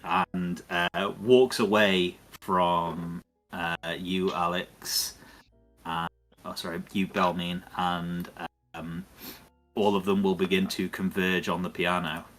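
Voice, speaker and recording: A man narrating as dungeon master, measured and descriptive, thinking aloud between rulings. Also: low voice, little pitch movement, a bit bright, faint music behind. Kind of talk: narrating a tabletop game.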